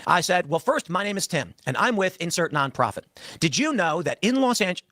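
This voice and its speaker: A young adult man telling an animated story, acting out the dialogue with shifting voices. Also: sits high, brisk, no echo, studio quality. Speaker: podcast host telling a story.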